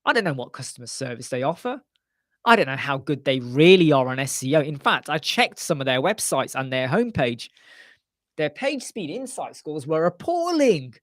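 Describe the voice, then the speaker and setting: A man's voice: on the high side, normal speed, no echo. Dry-sounding man chatting live. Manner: animated, acts out customer quotes, repeats points for emphasis. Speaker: web designer hosting a live web chat. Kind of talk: casual live-stream chat answering viewers. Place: small home studio room with soundproof panels.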